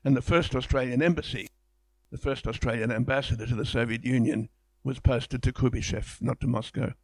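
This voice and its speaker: A man delivers an illustrated public lecture with warm enthusiasm and a conversational flow, often restarting his phrases. His voice sits at an ordinary middle pitch, and the recording is dry and close, with no room sound. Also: steady tone, fairly quick, dry recording.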